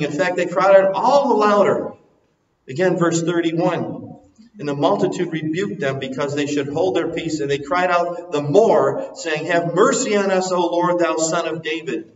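A man preaching a sermon, dropping soft and low, then rising loud and emphatic. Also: a little hiss or hum. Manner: swings from soft and low to loud and soaring, sings a hymn line. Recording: echoey hall, recorded from a distance, muffled.

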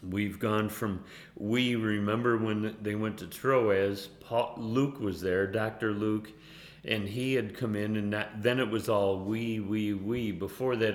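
A man teaching a Bible passage casually, halting often and chuckling between points. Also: lowish voice, steady tone, roomy sound. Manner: halting, with many fillers and chuckles.

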